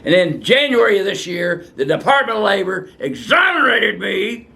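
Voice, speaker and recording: A man's voice: high voice, big pitch swings, moderate pace, gravelly, pushed and bright. An older male physician answering viewer questions in a blunt, fiery and profane way, ranting at length. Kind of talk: unscripted question-and-answer talk.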